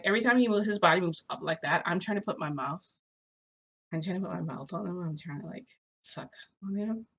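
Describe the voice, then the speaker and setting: Deep but a bit bright, the voice belongs to a young adult woman telling a casual vlog story. She's hesitant and rambling, with "like" filling up her sentences.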